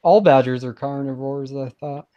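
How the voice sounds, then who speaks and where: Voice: medium pitch, steady tone, normal speed, dull audio. A stream host chatting casually in a dry, offhand way. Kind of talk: casual chat.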